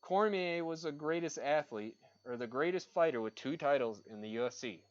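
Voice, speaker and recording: A man's voice: on the high side, lively intonation, moderate pace. Man, casual livestream chat, swearing, opinionated rambling, muffled lo-fi sound. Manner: profane, ranting, opinionated. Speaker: livestreamer painting on stream.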